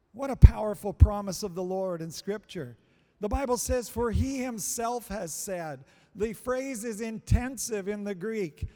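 A male preacher delivering a sermon, slow and emphatic, repeating phrases for stress. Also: high voice, a little mellow. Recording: long hall reverb.

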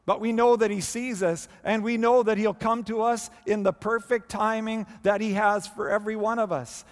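A male preacher with a high voice delivers an expressive sermon, using dramatic pauses and quoting dialogue. The long reverb of a big hall follows his words.

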